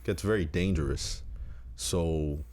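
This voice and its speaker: A young man from Brooklyn, New York, co-hosting a podcast in casual, joking chat with quick asides. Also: deep voice, darkish tone, slight background noise. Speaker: podcast co-host. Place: indoor room, wearing a fursuit.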